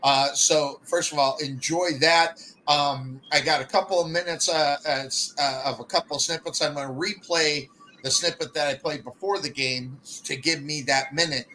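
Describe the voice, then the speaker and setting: Casual male sports radio host, bright forceful voice, stumbling restarts, faint ambience. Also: on the high side, steady tone, normal speed, a little hiss or hum, poor audio. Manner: rambling, stammering restarts.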